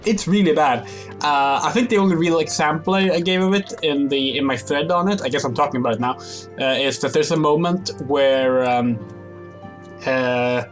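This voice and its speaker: A man from Sweden chatting casually and rambling on stream while he plays a game. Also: fairly high pitch. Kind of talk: casual chat while playing.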